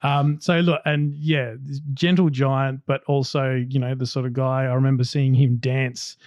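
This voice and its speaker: A man co-hosting a podcast, reminiscing in casual chat with quick laughs. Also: medium pitch, flat delivery, a little mellow, no echo, muffled recording. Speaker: podcast co-host.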